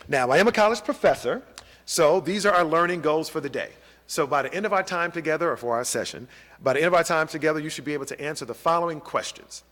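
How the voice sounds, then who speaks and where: Man, middle-aged, from New York City, professor giving a training talk, engaging, slightly high voice, echoing hall. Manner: energetic, audience-engaging, frequent "okay?" and "right?" check-ins. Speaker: college professor leading a bias training. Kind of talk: interactive training lecture. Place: large hall with a live audience. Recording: long hall reverb.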